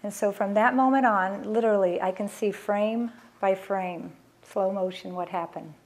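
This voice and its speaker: A woman's voice: medium pitch, fairly even intonation, moderate pace, darkish tone. Earnest middle-aged woman telling a personal story. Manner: emotional, earnest, acts out past conversations. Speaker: mother telling her family's story.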